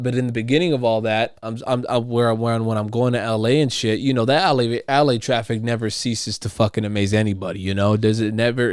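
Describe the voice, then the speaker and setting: A man's voice: mid-range voice, clean tone, no echo. Guy ranting on his own podcast at home, swears a lot, goes in circles, dead dry sound. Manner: profane, rambling, repeats and restarts; riled up and loud when ranting. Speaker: podcast host. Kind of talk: casual monologue. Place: at home, household noise nearby.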